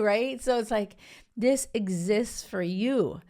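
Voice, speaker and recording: A woman's voice: a little high, takes it slowly, darkish tone. A young woman hosting a podcast, chatting casually and gushing, full of "like" and "you guys". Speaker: podcast host. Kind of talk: casual chat reviewing a reality show.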